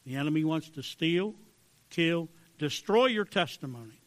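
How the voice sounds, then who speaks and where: A man preaching a fervent sermon, swinging between hushed pleading and loud emphasis. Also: fairly high pitch, lively intonation, moderate pace, no room sound. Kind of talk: sermon with altar call.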